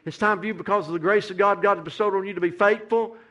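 Middle-aged male preacher, sermon cadence, high ringing voice. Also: steady tone, quick pace, highs cut off. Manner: rising to fervent shouted climaxes, repetitive preaching cadence. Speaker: pastor.

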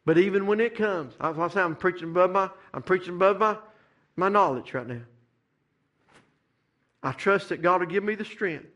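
Bright-voiced preacher in full swing. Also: male voice, high-pitched, normal speed, pauses often, muffled recording. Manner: rising to fervent shouted climaxes, repetitive preaching cadence. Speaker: pastor. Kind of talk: sermon.

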